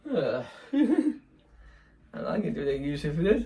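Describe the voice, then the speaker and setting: A man's voice: fairly high pitch, sing-song, unhurried, mellow. A young man chatting casually in a vlog, rambling, correcting himself and laughing often. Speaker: vlogger.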